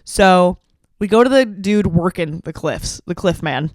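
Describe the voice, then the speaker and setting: A young woman in her twenties hosting a comedy podcast, telling a story in an animated, profane and self-mocking way. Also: fairly low pitch, measured pace, no echo, studio quality. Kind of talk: storytelling monologue.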